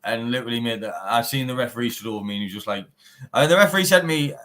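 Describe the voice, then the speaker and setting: Talking very fast in a mid-range, slightly bright voice, a young Teesside man from England gives a casual interview. The bare knuckle fighter is blunt, curses often and works "mate" into almost every sentence.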